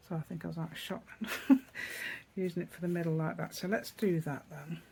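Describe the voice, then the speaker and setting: A middle-aged woman with an East Midlands English accent chats casually through a craft tutorial at her table, rambling and asking tag questions. Her voice is lowish and darkish, in a low-quality recording with slight background noise.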